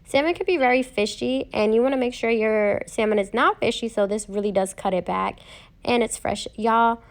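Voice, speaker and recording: A woman's voice: fairly high pitch, normal speed. Chatty, joking woman cooking vlogger. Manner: chatty and joking, with playful asides to viewers. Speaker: home cook vlogger. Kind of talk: casual cooking voice-over.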